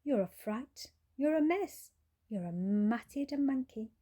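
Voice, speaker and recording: A tiny flea, smug and teasing, taunts in a lilting sing-song, voiced by a woman reading a storybook. The tone stays soft and mellow rather than bright. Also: high voice, expressive, slow pace, voice pushed up, exaggerated voice. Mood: gloating. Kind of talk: storybook character voice.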